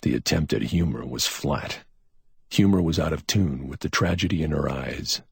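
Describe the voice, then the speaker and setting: A man narrating a crime story in a measured, dramatic storytelling manner, recorded on a close mic. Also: a bass voice, creaky, breathy edge, no room sound. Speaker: audiobook narrator. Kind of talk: scripted narration.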